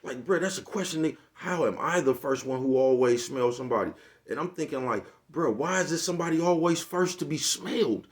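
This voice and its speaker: Here the man's voice sits fairly high and moves briskly. He's ranting comedically into the camera for a vlog, full of laughter and profane slang, with "you know what I'm talking about" coming up again and again.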